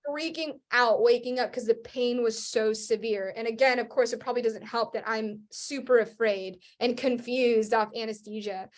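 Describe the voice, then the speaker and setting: Young woman guest on an interview show, kinda high voice, rambly, does voices when she quotes people. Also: moderate pace, hardly any pauses. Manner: animated, acts out what people said; rambling with many fillers and restarts. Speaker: guest, Christian rock singer. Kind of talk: casual interview storytelling.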